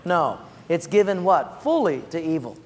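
A man's voice: fairly high pitch, sing-song, normal speed, big-room sound. A male pastor preaching a sermon, talking emphatically and directly instructing his congregation.

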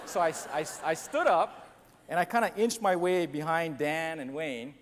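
A pastor delivers a sermon in a slightly high male voice at an ordinary pace, spinning a funny, self-deprecating personal story and voicing the other characters himself. The church has a long reverb, with a faint hiss underneath.

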